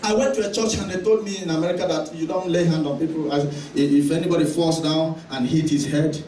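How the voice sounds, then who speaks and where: A male pastor preaching an impassioned sermon with heavy repetition and shouted declarations. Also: fairly high pitch, fairly even intonation, fairly quick. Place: church hall. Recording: echoey church hall, mic at a distance, congregation audible.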